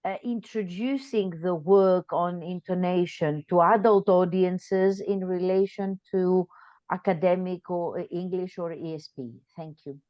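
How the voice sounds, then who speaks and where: Woman, audience member, hesitant polite question, lowish voice, dry lo-fi sound. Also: fairly even intonation, a little slow, no echo. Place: conference room. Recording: dry, dull lo-fi recording.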